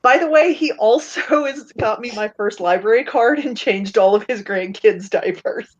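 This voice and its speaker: A woman chatting casually, telling stories with lively acted-out quotes. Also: fairly high pitch, normal speed, dull audio, slight background noise. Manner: animated storyteller, acts out quoted voices. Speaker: podcast co-host. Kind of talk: casual storytelling chat.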